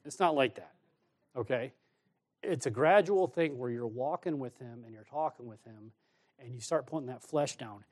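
A man preaching a sermon in a folksy, storytelling way, acting out lively bits of dialogue. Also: medium pitch, normal speed.

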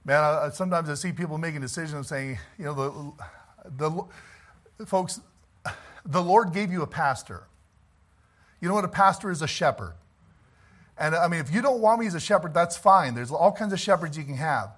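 A middle-aged pastor preaching in church with a bright, forceful, somewhat high voice. He talks in a folksy, conversational way, full of asides and chuckles, and presses his points hard. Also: animated, moderate pace, long pauses.

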